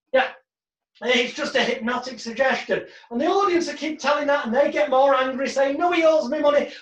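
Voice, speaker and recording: A man teaching hypnosis in a casual monologue, telling stories and acting out what people said. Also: high-pitched. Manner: lively storyteller who acts out quotes. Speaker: hypnosis trainer. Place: home room in front of a backdrop. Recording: roomy, distant, dull sound.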